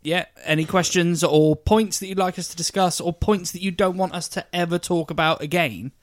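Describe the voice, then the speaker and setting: A man's voice: high voice, fairly even intonation, a little fast. A man co-hosting a casual car podcast among friends, talking in a rambling way and repeating words as he goes. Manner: rambling, repeats words while searching for them. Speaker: podcast co-host. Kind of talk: casual chat.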